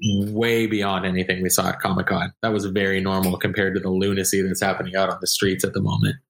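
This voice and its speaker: A man's voice: deep voice, fast talker, vocal fry. A man in his forties chatting casually, telling stories and acting out what other people said. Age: 40s. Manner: animated storyteller, acts out other people's lines. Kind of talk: casual chat. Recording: roomy echo.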